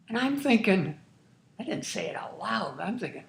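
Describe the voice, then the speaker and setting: Speaking casually to his grandchildren, an older man shares a true family story with folksy earnestness and marvel. He sounds high-pitched and fairly quick, with lively intonation and vocal fry, in a recording with roomy echo.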